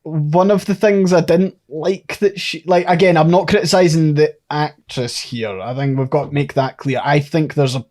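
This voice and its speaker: A man's voice: on the high side, steady tone, moderate pace, hardly any pauses, a little mellow. A man co-hosting a podcast who thinks aloud and lays out his theories at length in a casual chat. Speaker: podcast co-host.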